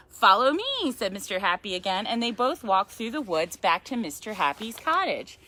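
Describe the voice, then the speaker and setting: A woman's voice: a little high, pushed and bright, no echo. A woman reading a picture book to a child at storytime, playful and chatty, with asides and questions. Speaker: yoga teacher reading to a child.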